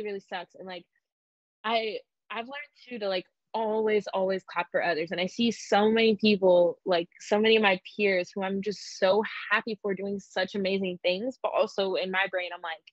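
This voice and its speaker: A woman's voice: mid-range voice, no room sound. Bubbly young woman, dry lo-fi sound. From Phoenix, Arizona, US. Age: young adult, 19. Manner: bubbly, rambling, heavy use of "like". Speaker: guest, professional wrestler. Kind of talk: casual interview chat.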